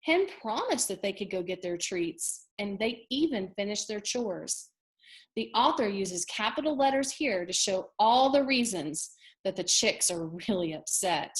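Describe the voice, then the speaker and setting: A woman teacher leading an expressive, child-directed read-aloud lesson, pausing often to ask questions. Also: mid-range voice.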